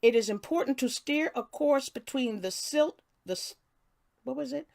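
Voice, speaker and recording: A woman's voice: sits high, normal speed, gravelly, a little mellow, no room sound, clean studio sound. An older woman hosting a casual live stream, reading a passage and then greeting viewers by name with many restarts. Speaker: livestream host.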